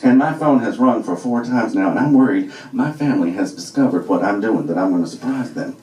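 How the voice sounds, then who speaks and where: A man's voice: fairly low pitch, expressive, a little fast, darkish tone. A man from Alabama, telling a comic story to a live audience in a wry, conversational way full of fillers. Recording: echoey room, voice from far off.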